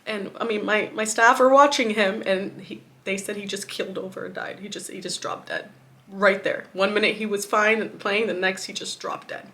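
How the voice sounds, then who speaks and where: A woman vlogger telling a personal story in grief, swinging between hushed words and a raised voice. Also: mid-range voice, fairly even intonation, moderate pace.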